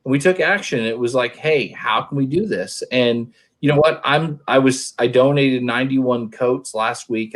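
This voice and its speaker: A middle-aged man from Oklahoma telling stories in casual chat, rambling and restarting his sentences. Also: medium pitch. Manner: rambling storyteller, many restarts.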